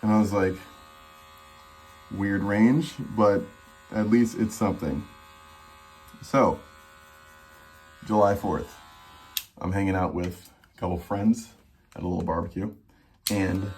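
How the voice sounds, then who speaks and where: A man's voice: lowish voice, a little mellow, slight background noise. A young man telling a casual storytime vlog, acting out both sides of his phone calls. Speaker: vlogger.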